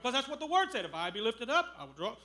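A middle-aged man preaching a sermon as a missionary, telling stories with loud bursts. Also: extremely high pitch, fast, faint music behind. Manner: animated storytelling with loud bursts.

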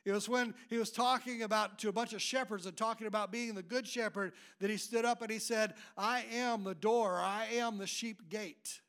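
High-voiced man preaching emphatically. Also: steady tone, normal speed, hardly any pauses, fairly bright tone, clear, resonant tone. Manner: emphatic preaching with frequent restarts. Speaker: pastor. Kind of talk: sermon.

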